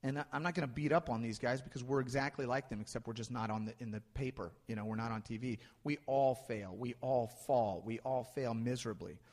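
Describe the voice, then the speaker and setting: A man's voice: mid-range voice, fast, hardly any pauses. Man preaching in a reverberant hall. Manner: conversational, builds emphasis through repetition. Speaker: pastor. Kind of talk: sermon.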